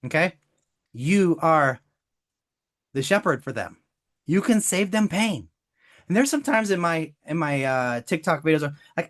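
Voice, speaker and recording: A male business trainer talks to his live-stream audience with theatrical energy. His slightly high voice leaps up and down expressively, and he keeps acting out little dramatic quotes. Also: lively intonation, normal speed, pauses often, a bit bright.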